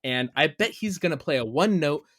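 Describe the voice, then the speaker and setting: A man with a fairly high voice co-hosts a casual gaming podcast. He rants with animated energy and slips into jokey bits. The sound is dry and close. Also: brisk, dry recording. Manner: animated, ranting, jokes in put-on voices. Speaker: podcast co-host.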